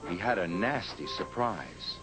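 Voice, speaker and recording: A man narrating a children's story in a lively, expressive scripted style. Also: sits low, a little slow. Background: music.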